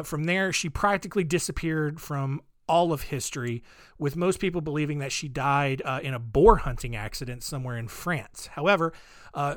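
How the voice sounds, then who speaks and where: A man's voice: fairly high pitch, fairly bright tone, dry recording, studio quality. A man hosting a podcast, telling history in a casual, irreverent, joking way with many fillers. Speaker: podcast host. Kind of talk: irreverent comedic history storytelling.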